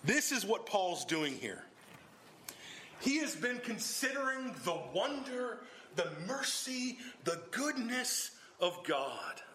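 This is a man preaching an emphatic expository sermon, his voice swinging from a low, steady delivery to abrupt exclamations.

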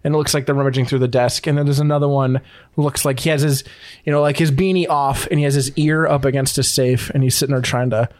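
A man's voice: mid-range voice, steady tone, fast, darkish tone, dry recording. A young man narrating as game master of a tabletop game, rambling and laughing often.

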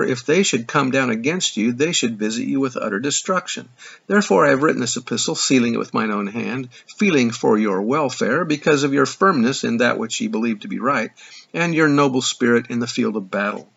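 A man's voice: medium pitch, vocal fry, a bit bright, breathy edge. A man reading aloud as a condescending male robber chieftain, in a sarcastic, mock-polite tone. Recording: dull lo-fi recording.

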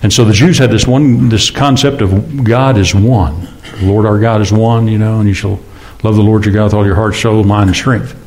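Speaking at normal speed with a slightly mellow voice and fairly even intonation, a man gives a sermon in church. As pastor, he keeps it conversational, posing rhetorical questions to the congregation, with occasional sudden jumps in pitch.

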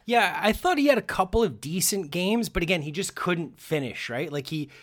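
A man's voice: sits high, animated, normal speed, fairly bright tone. A man co-hosting a casual sports podcast, chatty, with many fillers and restarts. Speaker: podcast co-host.

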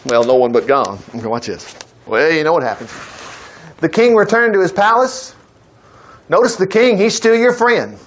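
A man's voice: on the high side, normal speed, low-quality recording. A man preaching a folksy sermon, retelling scripture in everyday talk.

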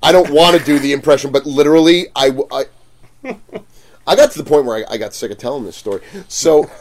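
A man's voice: medium pitch, brisk, crowd noise. A man in casual conversation, retelling a run-in with a customer. He throws himself into the quoted lines, swears without hesitation and breaks into laughter as he talks. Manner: animated, acts out quotes, swears, laughs often. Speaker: convention vendor telling a story. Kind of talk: casual storytelling chat.

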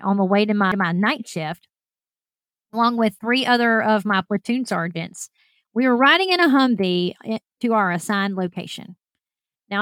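A woman hosts a podcast, telling a personal story in an animated, self-deprecating way and talking straight to her listeners. Her voice sits a little high. The sound is close and dry, with no room around it. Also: no room sound. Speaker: podcast host.

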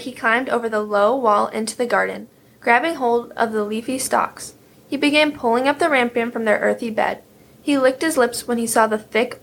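A woman reading a fairy tale aloud in a steady, clear storytelling manner. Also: a little high.

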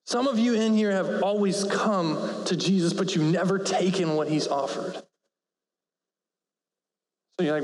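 A man with a very high voice preaches a casual, earnest sermon, linking one thought to the next. His voice rings around a large hall with a long, trailing reverb. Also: unhurried, long pauses. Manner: casual and earnest, piles up clauses with "and" and "like". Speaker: pastor. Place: church hall.

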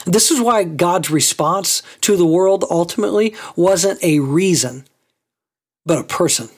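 A man's voice: high-pitched, animated, a little slow, breathy edge. A man preaching a sermon as a pastor, conversational and full of rhetorical questions.

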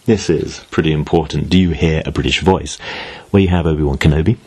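A man's voice: rumbling low, fairly quick, warm tone, breathy edge. A man giving an explanatory talk, walking through points step by step with asides.

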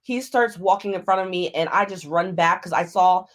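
A woman hosting her own podcast and telling a story in a casual way, animated and laughing as she acts out what people said. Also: fairly low pitch, normal speed. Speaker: podcast host.

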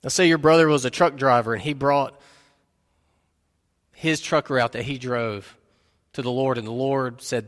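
A man's voice: medium pitch, steady tone, a little slow, pauses often. A man preaching a sermon as pastor, earnestly putting questions to his listeners. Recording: long reverb of a large hall.

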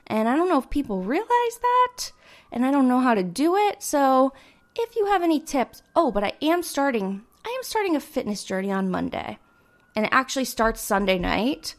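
A young woman with a slightly high voice talks through a casual solo podcast monologue. She rambles in a chatty, animated way, full of fillers. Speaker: podcast host. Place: indoors with sirens outside.

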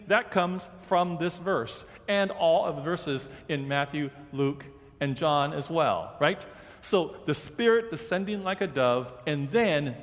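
Male preacher, sermon, unhurried, slightly high, long hall reverb. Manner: animated, conversational preaching that slows for quoted scripture. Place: large church sanctuary.

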